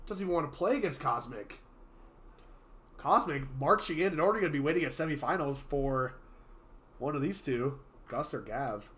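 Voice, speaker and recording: A man hosting and casting a live gaming tournament in a casual, chatty way, his voice a little hoarse from being sick, with sudden loud excited outbursts. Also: fairly high pitch, moderate pace, pauses often. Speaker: tournament host and caster. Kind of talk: casual live-stream commentary.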